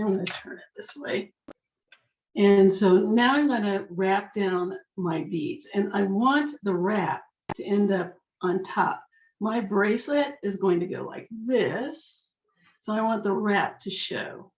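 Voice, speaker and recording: A slightly hoarse woman teaching a jewelry-making craft step by step, chatting to herself as she works. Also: medium pitch, a little mellow. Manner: chatty, talks to herself while working. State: slightly hoarse, losing her voice. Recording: echoey room, dull lo-fi sound.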